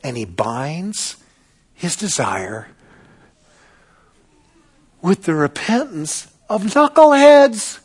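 Animated, high-voiced male preacher. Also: extremely slow, pauses often, breathy edge. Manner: dramatic, sarcastic, swings between loud and hushed. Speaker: pastor. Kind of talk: sermon.

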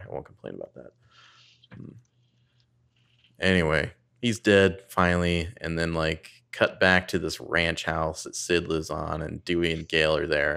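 Man, very low voice, sardonic profane recapper, casual podcast chat. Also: gravelly, a bit bright, smooth.

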